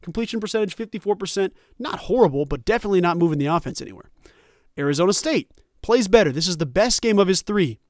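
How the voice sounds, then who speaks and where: A man hosting a college football commentary show, talking in an animated, emphatic and sarcastic way. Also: sits high, quick pace, dry recording, studio quality. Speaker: sports show host.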